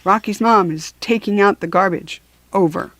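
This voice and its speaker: A woman reading aloud voices a bossy, confident young girl detective who gives brisk orders in a storybook. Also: mid-range voice, a bit bright, no room sound.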